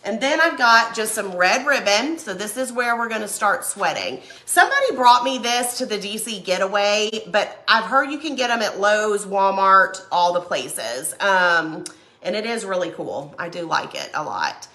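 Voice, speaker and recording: A woman's voice: medium pitch, animated, normal speed, bright, forceful tone, echoey room. A woman who has a cold, chatting casually and laughing as she crafts and answers viewer comments. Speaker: craft livestream host. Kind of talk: casual chat while crafting.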